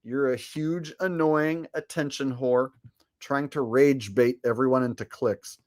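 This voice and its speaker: A woman's voice: extremely low pitch, a little slow, a little mellow. A woman commenting on video clips in a sarcastic, profane way.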